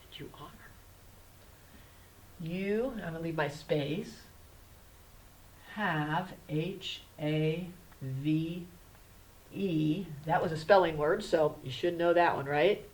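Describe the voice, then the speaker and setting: A woman kindergarten teacher with a low voice takes her handwriting class through each letter step by step. She is gentle and patient and speaks in an unhurried way that leaves room for small children to follow. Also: rough recording. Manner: patient, spells words out letter by letter; gentle, instructive. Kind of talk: handwriting lesson.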